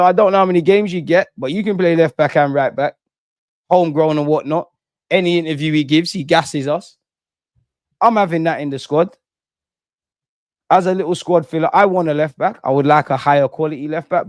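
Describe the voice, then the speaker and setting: A man's voice: medium pitch, darkish tone, no echo, clean studio sound. Slangy man reacting to live chat. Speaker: football channel host. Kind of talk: casual live-stream reaction.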